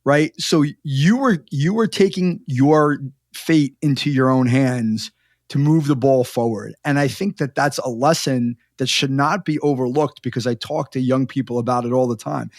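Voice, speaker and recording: A man's voice: mid-range voice, normal speed, no echo. A male podcast host speaks in a mid-range voice, recorded dry and close. He affirms what his guest says and reflects on it, drawing motivational lessons for young listeners. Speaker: podcast host, mental performance coach. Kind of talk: interview conversation.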